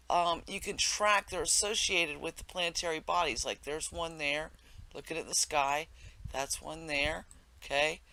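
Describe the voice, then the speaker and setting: A man's voice: a little high, pushed and bright. A man giving casual, rambling commentary over his gameplay, full of fillers and self-corrections as he explains the game. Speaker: game tutorial narrator.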